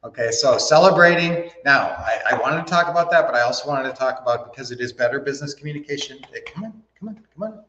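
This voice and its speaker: A man's voice: mid-range voice, fairly even intonation, fast, few pauses, pushed and bright, slight background noise. A man hosting a livestream, giving casual business advice in a folksy, rambling way with lots of fillers and restarts. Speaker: host. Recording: roomy, dull lo-fi sound.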